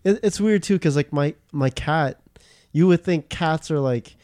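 A man's voice: on the high side, measured pace, darkish tone, dry recording, studio quality. A young man co-hosting a podcast, rambling in casual chat with lots of fillers and restarts. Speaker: podcast co-host.

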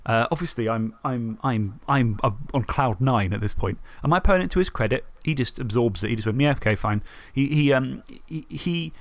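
A man on a podcast, telling the story of a tabletop game match in a lively way, swearing and acting out his own thoughts. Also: mid-range voice, moderate pace, few pauses, dry recording. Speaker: podcast co-host. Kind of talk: casual tabletop game recap.

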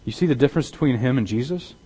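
A male pastor delivers a sermon in a mid-range voice, pressing his points by repeating words and dropping from loud stress to hushed intensity. His voice carries a long reverb that trails off through a church sanctuary. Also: medium pitch, lively intonation, rapid-fire, breathy edge.

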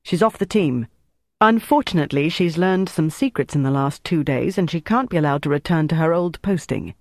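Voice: mid-range voice, lively intonation, fairly quick, darkish tone, no echo, studio quality, close to an everyday voice. An audiobook reader voicing a commanding young woman who leads a wartime team, firm and impatient. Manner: firm and bossy.

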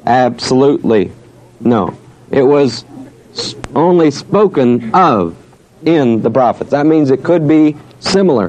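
A man teaching a Bible study, reasoning aloud, asking himself questions and answering them, and reading verses in a drawn-out cadence. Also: medium pitch, warm tone, rough recording.

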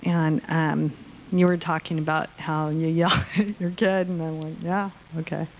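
A woman from the audience asking a question, speaking hesitantly with many pauses and ums. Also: deep voice, flat delivery. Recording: dull lo-fi sound.

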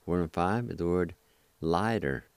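A very deep, unhurried male voice, smooth and resonant. He drills words syllable by syllable with patient repetition. The recording is dry and close. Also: dry recording. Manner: patient, repeats syllables, apologetic corrections. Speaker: language teacher. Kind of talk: slow spelling and pronunciation drill.

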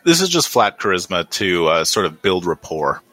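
Low, bright, husky male game master, casual and halting, light music behind. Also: big pitch swings, no echo. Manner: easygoing, halting with fillers. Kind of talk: narrating a tabletop game.

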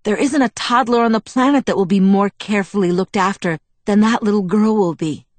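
A woman's voice: mid-range voice, fairly quick, a little mellow, dry recording, lightly acted. A woman reading an earnest, intense young man. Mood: earnest, impassioned. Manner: impassioned, pleading explanation. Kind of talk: audiobook character voice.

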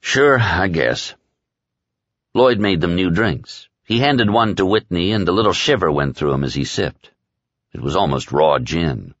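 A man giving expressive, scripted audiobook narration. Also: sits low, normal speed, no room sound, highs cut off.

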